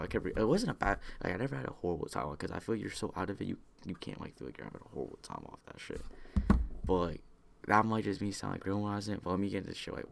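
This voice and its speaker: A man's voice: low-pitched, vocal fry. A young man telling a rambling personal story in casual slang, full of fillers and restarts. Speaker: vlogger telling personal stories.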